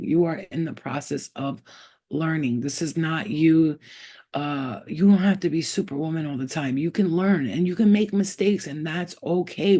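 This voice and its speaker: A woman's voice: low voice, dark tone. A woman who works as a spiritual healer, speaking bluntly and with lots of swearing as she gives her viewers a casual pep talk. She talks straight to the listener and keeps repeating her points. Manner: blunt and profane, emphatic.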